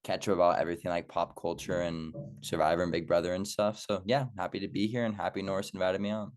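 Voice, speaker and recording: A young man with a deep, low voice chats as a podcast guest. He talks in a relaxed, casual way, hedging with plenty of "like" and "um". His delivery stays loose and conversational. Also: fast talker. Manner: casual, lots of "like" and "um", unsure.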